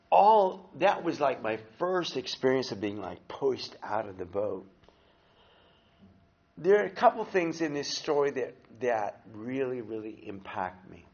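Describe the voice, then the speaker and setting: A man's voice: lowish voice, dull audio. A man teaching a church class, telling a story animatedly and acting out the people in it. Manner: animated storyteller who acts out quotes. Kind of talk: storytelling sermon talk.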